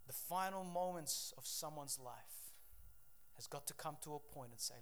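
A man preaching a sermon in a fairly high voice. He builds to loud, ringing declarations, then drops almost to a hush when telling a personal story or praying. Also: normal speed. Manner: swings from loud preaching to hushed, quiet telling. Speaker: pastor.

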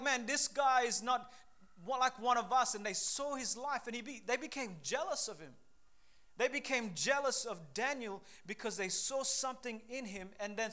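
A young man preaching a sermon in an energetic, conversational and emphatic way. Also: very high voice.

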